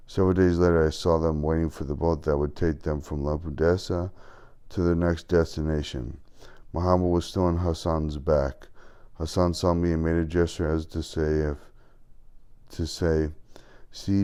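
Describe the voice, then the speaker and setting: A man reads an audiobook in the first person. His voice is very deep and dark. He keeps a measured pace and stumbles on a word now and then. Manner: measured first-person reading with small slips. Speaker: audiobook narrator. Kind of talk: scripted narration.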